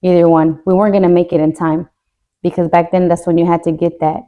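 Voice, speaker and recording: A young adult woman co-hosting a podcast, telling a personal grief story in a candid, joking way that turns quiet and tearful. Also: fairly low pitch, little pitch movement, fast, phone-quality sound. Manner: candid, jokes to cope, voice drops when tearful. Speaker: podcast co-host. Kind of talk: casual emotional storytelling.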